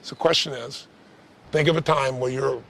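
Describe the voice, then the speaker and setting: A man leading a live coaching session, intense and direct, pressing with quick questions. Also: medium pitch, fairly even intonation, creaky, fairly bright tone. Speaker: life coach on stage.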